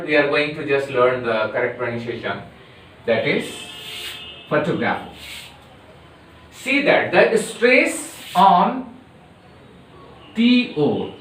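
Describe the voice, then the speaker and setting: A man with an Indian English accent teaching pronunciation, repeating each word slowly and deliberately like a classroom drill. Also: fairly high pitch, a bit bright. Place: classroom or coaching centre. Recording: echoey room, voice from a distance.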